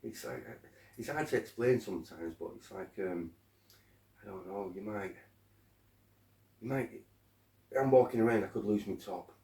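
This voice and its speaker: A man's voice: fairly low pitch, normal speed, vocal fry, pauses often, echoey room, distant mic. A man, chatting as a podcast guest and acting out arguments he has had. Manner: animated storytelling, acting out quoted arguments, swears. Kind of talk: casual podcast conversation.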